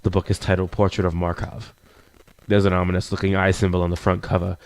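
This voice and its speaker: A man reading a visual novel aloud as a let's player, adding quick asides between the narration. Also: sits low, little pitch movement, no echo.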